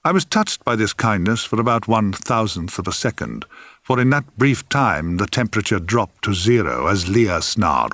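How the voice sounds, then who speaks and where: A man reading his own memoir aloud in a wry, theatrical way, sometimes dropping to a hush. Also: on the low side, sing-song, normal speed, dry recording. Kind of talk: audiobook memoir narration.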